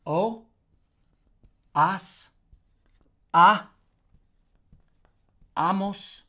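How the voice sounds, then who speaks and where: Slow, deliberate man teaching a lesson. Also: on the high side, a bit bright. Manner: slow, deliberate, spells out letters and repeats forms. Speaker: Spanish teacher. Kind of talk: whiteboard language lesson.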